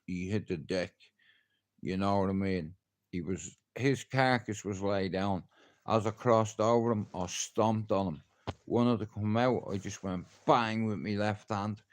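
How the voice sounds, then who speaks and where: A middle-aged man with a Dublin accent telling a street story on a casual livestream, acting out the people in it. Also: fairly low pitch. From Ireland. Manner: animated, acts out the people in his story. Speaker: livestream host.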